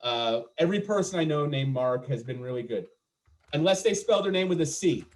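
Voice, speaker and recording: A man's voice: a little high, expressive, fairly quick. A man doing a stand-up comedy set over a video call, chatting and joking with his audience in a self-deprecating way.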